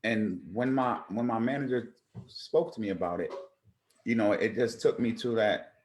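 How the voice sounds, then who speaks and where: A man's voice: fairly low pitch, moderate pace, darkish tone, slight background noise. A man who is a rapper, talking as a guest in a casual interview, earnest and emphatic, often repeating words as he builds his point.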